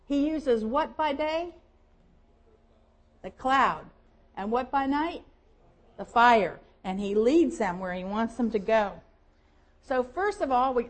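In this low-quality recording, a woman with a high voice and a Southern American accent preaches as a pastor. She tells Bible stories vividly, in a lively storytelling manner, acting out the voices of the people she quotes.

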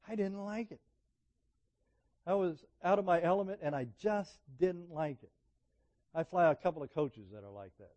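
A middle-aged man delivers a sermon in a chatty storytelling manner. His voice sits slightly high for a man, and he swings between emphatic, raised peaks and hushed, confiding asides. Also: lively intonation, moderate pace, pauses often. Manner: conversational storytelling, rising to emphatic peaks and dropping to quiet asides. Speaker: preacher. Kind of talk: sermon with personal stories.

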